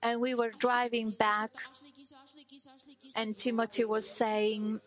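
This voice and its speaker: A middle-aged woman giving a personal testimony as a mother, speaking halting, non-native English with many hesitations and restarts. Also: fairly high pitch, flat delivery, rough recording.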